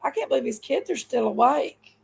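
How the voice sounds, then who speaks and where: Chatty woman with a gravelly, high voice. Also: lively intonation, a little fast, poor audio. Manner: rambling, folksy and chatty. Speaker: livestream host. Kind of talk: casual livestream chat.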